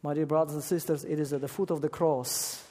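A man preaching with emphatic force, his fairly high voice climbing to loud peaks on key words. He speaks in a church or large hall, and a long echo trails each phrase. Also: steady tone, fairly quick. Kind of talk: sermon. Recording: echoey hall.

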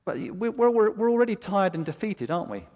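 A man's voice: sits high, sing-song, fast, lo-fi sound. A middle-aged male pastor preaching a sermon with impassioned, emphatic delivery and repeated phrases that build to peaks. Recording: long hall reverb.

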